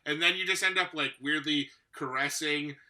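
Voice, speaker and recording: A man with a very bright, sharp voice, pitched a little high for a man. He co-hosts a casual chat over a video call and riffs jokes off the other host's story. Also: normal speed. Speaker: co-host.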